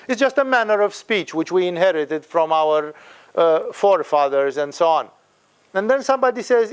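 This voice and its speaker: A man's voice: fairly high pitch, lively intonation, moderate pace, clean tone. A man giving a spiritual talk, emphatic and fond of acting out the people he quotes. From Romania. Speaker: spiritual teacher.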